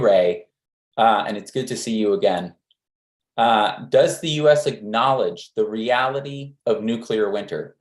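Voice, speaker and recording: A man putting pointed, emphatic questions to a panel at a press conference. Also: on the low side. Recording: echoey room.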